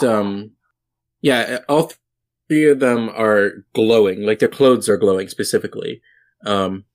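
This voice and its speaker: Hesitant man running a tabletop game. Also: fairly low pitch. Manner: halting, many fillers and restarts. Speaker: game master. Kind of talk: casual tabletop narration.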